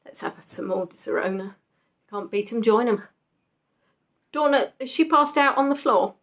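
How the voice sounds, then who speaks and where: A woman's voice: on the high side, moderate pace. Chatty woman hosting a quiz. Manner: chatty, reads out answers, jokes with players. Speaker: quiz host. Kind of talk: casual live quiz chat.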